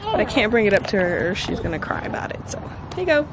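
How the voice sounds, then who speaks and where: A woman's voice: medium pitch, wildly swooping pitch, quick pace. A young pregnant woman, a stay-at-home mom vlogging, chatting casually with her kids and laughing often. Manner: talks to her kids, laughs often, loose Southern-style casual speech. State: heavily pregnant, back pain. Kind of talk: casual family vlog chatter. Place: outdoors in a yard. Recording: noisy outdoor phone video. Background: outdoor ambience with kids playing.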